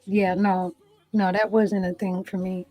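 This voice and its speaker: A woman's voice: mid-range voice, level tone, measured pace, darkish tone, poor audio. A woman guest giving her testimony in an interview, earnest and preacherly, repeating phrases for emphasis, from a small room at home.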